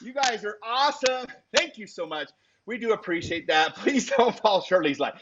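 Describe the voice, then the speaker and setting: A man chats on a live stream in a high voice that swings up and down. He talks at an easy pace, breaking into whoops and shout-outs. The sound is dull, with noise underneath. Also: animated, normal speed. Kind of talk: casual live-stream chat.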